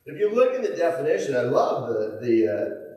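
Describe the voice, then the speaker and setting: A man's voice: mid-range voice, big pitch swings, normal speed, mellow. A male pastor preaching a sermon in a church auditorium, talking conversationally with folksy asides and chuckles. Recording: echoey church hall, mic at a distance.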